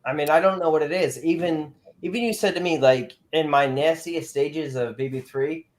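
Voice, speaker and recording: A man's voice: a little high, moderate pace. A man joining a casual livestream chat as co-host, joking and laughing easily.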